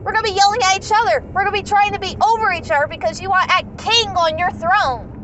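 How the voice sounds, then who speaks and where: A young woman vlogger with an extremely high, slightly bright voice delivers an impassioned, indignant rant straight to the camera, repeating herself for emphasis. The low-quality recording has a little hiss or hum.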